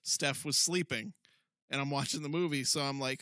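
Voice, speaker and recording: Bright-voiced man, chatty podcast co-host. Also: mid-range voice, steady tone, normal speed, no echo. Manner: talkative, profane, enthusiastic. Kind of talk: casual chat.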